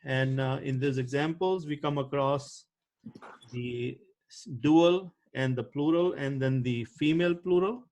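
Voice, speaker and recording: A man's voice: medium pitch, unhurried, a little mellow. A man teaching Arabic grammar in an online class, explaining patiently and often checking if students follow.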